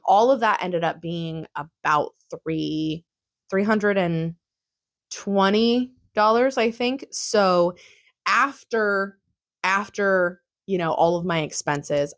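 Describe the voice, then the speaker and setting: A young woman vlogger recapping her day in casual chat, chatty and giggly with lots of fillers. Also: lowish voice.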